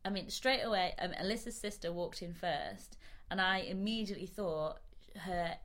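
A woman, co-hosting a casual podcast chat. She talks animatedly, laughs often and drops quick asides. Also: fairly low pitch, fairly bright tone. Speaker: podcast co-host. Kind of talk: casual chat about a TV show.

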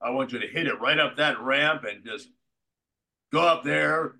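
A man's voice: medium pitch, moderate pace, creaky, pushed and bright, pitched above the performer's own voice. Man doing a brash, barking old director. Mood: coaxing. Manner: barking, commanding. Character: brash older male film director.

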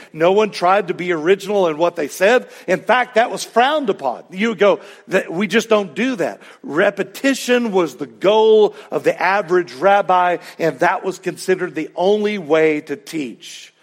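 A pastor preaching a sermon in a conversational way, with asides and questions to the congregation. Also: male voice, sits high.

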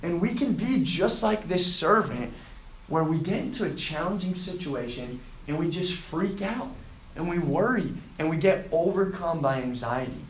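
A man preaching to students, retelling a scripture story and acting out the quoted lines with lively emphasis. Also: on the high side, normal speed, reverberant, a little hiss or hum, rough recording. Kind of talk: sermon to a student group.

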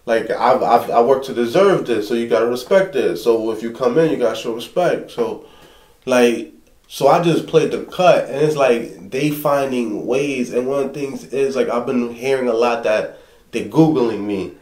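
Male pastor-host, mid pitch, lively storyteller, roomy sound. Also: normal speed. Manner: animated storyteller, acts out quoted people. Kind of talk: casual conversation.

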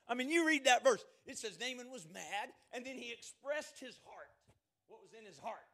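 A man preaching a sermon, reading scripture aloud and swinging from shouted quotes to hushed, quiet asides. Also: extremely high pitch, animated, moderate pace.

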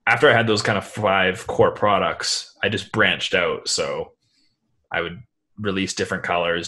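In a relaxed interview, a guest who works as an online seller answers in a deep, low voice. He meanders loosely through his responses, leaning heavily on casual fillers like "like."

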